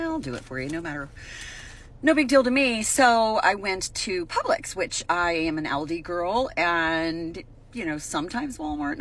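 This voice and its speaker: A woman from the United States telling a story in an animated, incredulous vlog. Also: lowish voice, slight background noise, rough recording.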